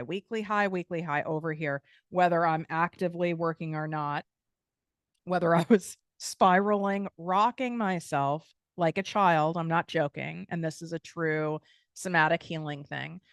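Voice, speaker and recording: A woman's voice: lowish voice, clean tone, no room sound, studio quality. A woman with an American accent hosting a podcast, giving a blunt, casual motivational talk full of swearing and tangents. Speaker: podcast host and business coach.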